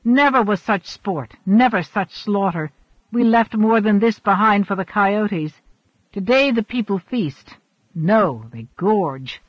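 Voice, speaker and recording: A man reading the part of a bold, boastful young hunt leader in an audiobook, speaking loudly and defiantly. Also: sits high, a little slow, no room sound. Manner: loud, emphatic, defiant. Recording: dull, dry recording.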